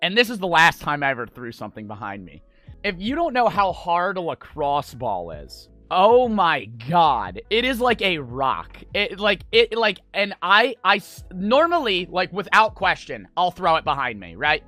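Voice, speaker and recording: A man's voice: high voice, big pitch swings, moderate pace, bright, forceful tone, no room sound, faint music behind. A young man streaming, telling a rambling, profane story to his chat. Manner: rambling, profane, full of fillers.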